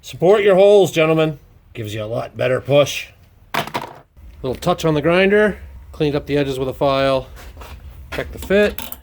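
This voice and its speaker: Man, workshop DIY host, playful put-on Irish lilt, middle-pitched voice, faint hum behind. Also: moderate pace, pauses often. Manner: joking, playful, exclaims while working. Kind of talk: casual workshop vlog commentary. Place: home workshop.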